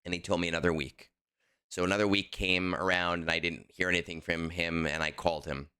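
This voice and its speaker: Podcast co-host, man, very low voice, crisp and bright, animated emphatic storyteller. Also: a little fast. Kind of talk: casual chat.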